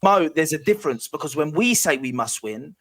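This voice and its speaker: A man's voice: on the high side, expressive, brisk, fairly bright tone. A man on a football panel, an Arsenal fan, insistently cutting in to defend his club. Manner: insistent, interrupting. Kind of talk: heated football debate.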